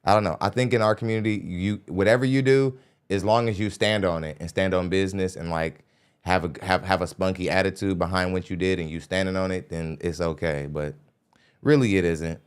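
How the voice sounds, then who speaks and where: A man with a very low, smooth and resonant voice talks into a studio microphone. He hosts a podcast and comments in a blunt, lecturing way. His tone is casual. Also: fairly even intonation, fairly quick. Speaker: podcast host reacting to a clip.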